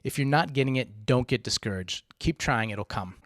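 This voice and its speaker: A man's voice: medium pitch, lively intonation, normal speed, a bit bright, no room sound. Encouraging male vocal coach, dry close sound. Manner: patient, encouraging, step-by-step explanations. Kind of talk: instructional voice tutorial.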